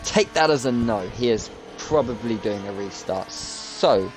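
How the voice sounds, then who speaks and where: A man's voice: medium pitch, expressive, unhurried, hardly any pauses. A man commentating live on an online racing league, chatty and jokey as he calls the laps. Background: music.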